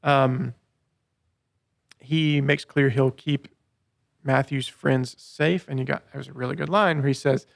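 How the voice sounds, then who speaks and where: A man's voice: medium pitch, fairly even intonation, a little slow, creaky, long pauses, no echo, studio quality. A man co-hosting a podcast, recapping scenes in a casual chat and quoting lines with playful voices. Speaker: podcast co-host.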